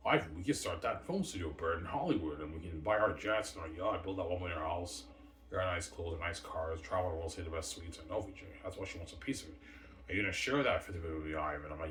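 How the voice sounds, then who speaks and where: A man's voice: low voice, fast talker, a bit bright, a little hiss or hum. A man talking in a boastful, rambling monologue, peppered with "man" and "yeah". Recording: roomy distant mic with faint ambience.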